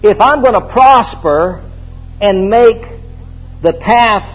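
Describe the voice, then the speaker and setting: A man's voice: high-pitched, takes it slowly, slightly rough, dull audio. A male pastor preaching a sermon in a church, leading the congregation in call-and-response.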